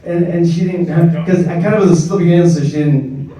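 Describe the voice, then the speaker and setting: A man's voice: on the high side, steady tone, normal speed, crowd noise. A man from New York telling rambling, self-deprecating anecdotes as an actor on a fan convention panel. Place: large convention panel hall. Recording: echoey hall from far off.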